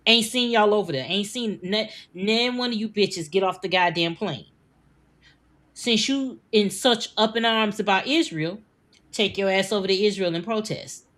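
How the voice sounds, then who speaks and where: A woman's voice: mid-range voice, normal speed, fairly bright tone. A woman co-hosting a podcast, blunt and profane, scolding listeners in casual political commentary. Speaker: podcast co-host.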